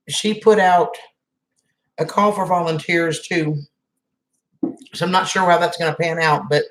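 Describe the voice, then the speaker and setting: A woman hosting a live stream, chatting casually and greeting viewers by name. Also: fairly low pitch. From Southern United States. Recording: echoey room.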